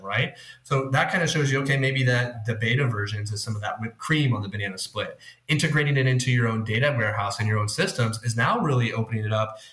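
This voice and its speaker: A man's voice: mid-range voice, a bit bright, roomy sound. A man speaking as the guest expert in a podcast interview, explaining things patiently with homely analogies. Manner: explanatory, leans on food analogies. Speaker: guest expert on workplace tech.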